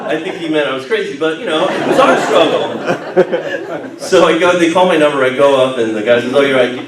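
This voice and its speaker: Animated man telling a funny story. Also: fairly high pitch, moderate pace, a loud crowd. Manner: animated, laughing, acts out others' lines. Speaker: speaker at a humanist group meeting. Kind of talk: casual storytelling to a live group. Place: meeting room. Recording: echoey room, mic far off, noisy.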